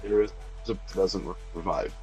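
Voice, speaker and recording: A man's voice: deep voice, moderate pace, darkish tone, husky, faint music behind. A man taking part in a casual stream chat, with a dry, contrarian sense of humor. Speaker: stream guest.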